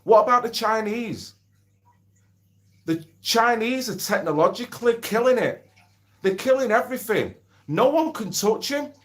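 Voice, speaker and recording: A man's voice: very high voice, animated, unhurried, long pauses, a bit bright. A middle-aged man streaming from home, chatting bluntly, swearing freely and reading out viewer comments. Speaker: livestream host. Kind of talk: casual livestream chat.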